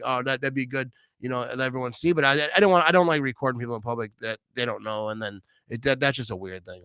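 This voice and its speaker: A young man hosting a casual sports talk show, excitable and slangy, reading out fan messages. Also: fairly high pitch, clear, resonant tone, no echo. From Wisconsin. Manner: excitable, slangy, says "bro" and "you know what I mean" a lot.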